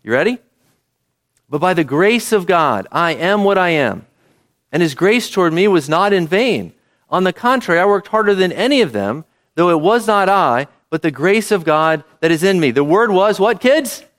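Man, pastor, sermon, conversational, high voice, lively pitch. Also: normal speed. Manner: lively, conversational, asks the congregation questions.

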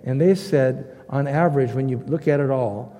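A pastor preaching a sermon, emphatic, repeating key phrases and swinging between loud stresses and quiet asides. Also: male voice, mid-range voice, normal speed. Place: church sanctuary. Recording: long hall reverb.

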